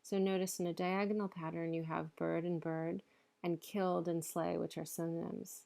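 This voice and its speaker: Woman lecturer going through poetry slides, lowish gravelly voice, reads lines out in rhythm. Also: flat delivery, moderate pace, mellow. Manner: explanatory, reads verse aloud in rhythm. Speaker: literature lecturer. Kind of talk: recorded lecture over slides.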